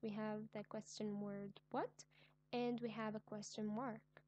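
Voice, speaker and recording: A woman teaching an online grammar lesson, speaking slowly and clearly and repeating each example sentence. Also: medium pitch, fairly even intonation, darkish tone. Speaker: English teacher.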